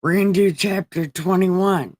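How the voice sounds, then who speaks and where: A woman's voice: on the low side, moderate pace, darkish tone, no room sound. A woman hosting a livestream, reading scripture aloud in an irreverent, casual way and breaking off for profane, wisecracking asides. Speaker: livestream host. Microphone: home streaming setup.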